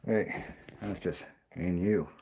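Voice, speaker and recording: A man's voice: sits low, measured pace, vocal fry, warm tone, a little hiss or hum. A man doing a paranormal investigation vlog, out of breath and rambling as he talks to the camera. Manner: rambling, self-interrupting. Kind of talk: casual vlog talk.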